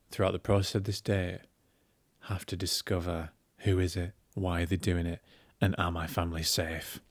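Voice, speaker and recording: A man's voice: lowish voice, dry recording, clean studio sound. A man hosting a casual film review show, talking in a chatty, opinionated way with plenty of fillers and restarts.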